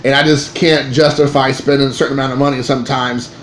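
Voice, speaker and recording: Speaking fast in a mid-pitched voice, a man in his thirties who vlogs about card collecting launches into an excitable, rambling story for the camera, full of fillers and false starts. The room is reverberant, with faint background sound.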